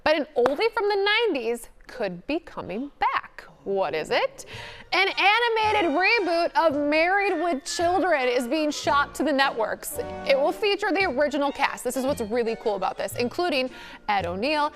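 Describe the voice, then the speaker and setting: High-voiced playful female co-host. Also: lively intonation, moderate pace, a bit bright, faint music behind. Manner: playful, giggly, chatty. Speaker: talk show co-host. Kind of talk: casual entertainment news chat.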